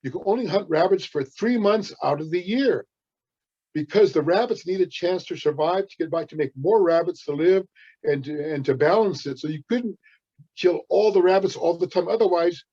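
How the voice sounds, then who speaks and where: An older man, a tribal elder, telling a creation story to children outdoors in an animated, repetitive, folksy way, in a dull lo-fi recording. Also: on the high side, normal speed, breathy edge. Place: outdoors with trees and mountains.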